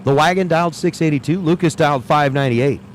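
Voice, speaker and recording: A man's voice: fairly high pitch, fast talker, a little hiss or hum. A man calling drag races live at the track, chatting and joking between runs. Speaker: drag race announcer. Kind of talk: live race commentary. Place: outdoors at a racetrack.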